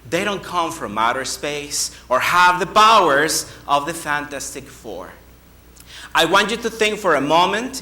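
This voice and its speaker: Slow, emphatic man orating in a hall. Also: on the high side, pushed and bright. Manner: slow and emphatic with dramatic pauses. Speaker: contest speaker. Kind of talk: speech contest oration. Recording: echoey hall.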